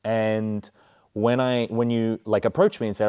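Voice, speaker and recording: Aussie guy, low voice, earnest rambly storytelling on a film chat. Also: little pitch movement, a little slow, warm tone, clean tone. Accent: Australian. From Australia. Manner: earnest, chatty storyteller, many fillers. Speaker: guest. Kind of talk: casual film discussion.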